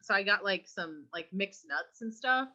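A woman's voice: medium pitch, animated, moderate pace, pushed and bright. A young adult woman co-hosting a casual podcast, telling stories in a chatty way and acting out quotes with little squeals. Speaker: podcast co-host. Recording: dull lo-fi sound.

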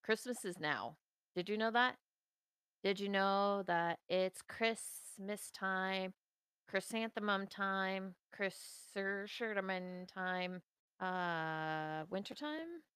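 Giggly woman rambling on her podcast, slow and smooth. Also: medium pitch, a bit bright, dry recording, studio quality. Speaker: podcast co-host. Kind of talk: casual chat.

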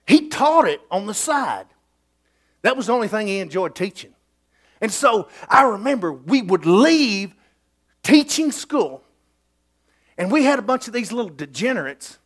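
A man's voice: high voice, fairly bright tone. A middle-aged man preaching a sermon in a folksy, emphatic storytelling way.

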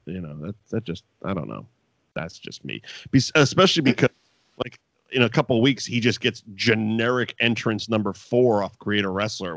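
A man's voice: on the low side, animated, moderate pace, fairly bright tone, no room sound. Guy rambling through a wrestling recap, swears a lot, laughs a bunch, voice jumps all over, dry close sound. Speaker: podcast co-host. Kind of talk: casual wrestling recap chat.

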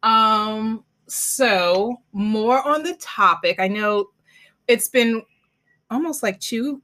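A woman hosts a podcast in a casual interview chat, telling stories animatedly and using plenty of fillers. Her voice is a little high with a sharp tone, and she speaks extremely slowly.

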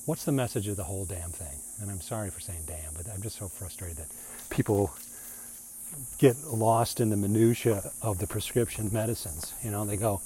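In a loose, wandering monologue about reading the Bible, a man speaks at a normal speed in a lowish, dark-toned voice, with slight background noise. When quoting others, he keeps lapsing into mocking put-on voices.

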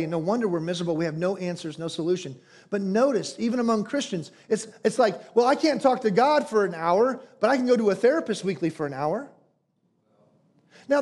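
A man preaching a sermon as pastor, emphatic and animated, posing rhetorical questions and acting out quoted prayers. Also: high-pitched.

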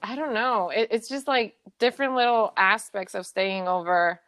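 A woman's voice: mid-range voice, normal speed, fairly bright tone. A woman co-hosting a podcast in casual chat, blunt, swearing freely and laughing often. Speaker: podcast co-host.

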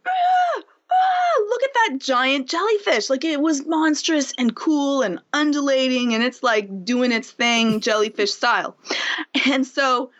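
Chatty, lively female podcast guest with a fairly high voice, recorded on dull lo-fi audio. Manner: chatty and lively, laughs easily. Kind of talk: casual podcast chat.

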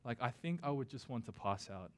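Man, pastor, sermon, casual and conversational, middle pitch, dramatic slow emphasis on quotes. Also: expressive. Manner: casual and conversational, with self-deprecating asides.

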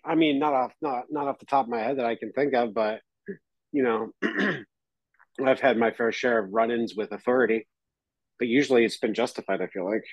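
A man's voice: mid-range voice, brisk, dry recording, muffled recording. Laid-back man with a dry sound. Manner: laid-back, rambling, clears his throat often. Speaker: podcast co-host. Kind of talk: casual chat.

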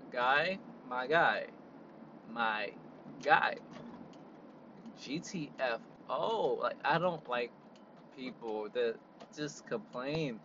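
Young man vlogger, slow exasperated rant, bright tone, lo-fi car audio. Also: mid-range voice, slight background noise. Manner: exasperated, animated, leans on "like". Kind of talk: casual storytelling rant.

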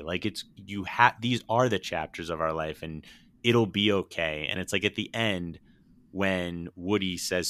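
A man's voice: deep voice, fairly bright tone, no room sound. A young man chatting casually about films on a podcast, rambling and emotional, cursing freely. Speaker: podcast co-host.

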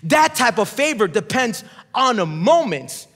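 A male pastor preaching a sermon, emphatic, swinging between shouts and hushed drops, and leading the congregation in call-and-response. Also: very high-pitched, big pitch swings, a little slow. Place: church sanctuary. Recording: long hall reverb.

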